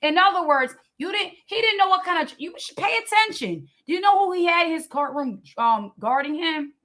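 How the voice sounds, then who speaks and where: Woman, impassioned commentator, high and bright, emphatic and preachy delivery. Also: animated, a little fast. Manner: emphatic, preachy, repeats words.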